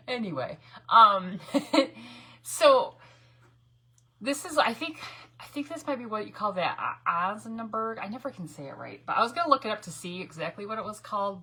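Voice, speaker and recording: A woman's voice: mid-range voice, pushed and bright, husky. A woman hosting a casual live crafting stream, chatty and laughing often as she greets viewers by name. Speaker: craft livestream host.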